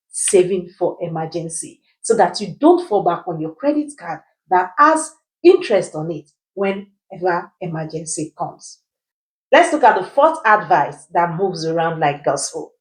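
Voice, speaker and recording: Woman finance teacher, lower register, quizzes her audience and answers herself. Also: expressive, normal speed, rough recording. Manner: teacherly, poses rhetorical questions and answers them; keeps checking in with "right?". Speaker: personal finance educator. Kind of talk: explainer video.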